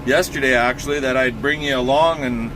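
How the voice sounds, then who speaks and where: Here a male farm-channel host talks at a medium pitch, his intonation fairly even, as he wanders through a casual vlog outdoors near farm equipment. The delivery is easygoing and rambling, with long, drawn-out filler words. Background engine and outdoor noise make for a noisy capture.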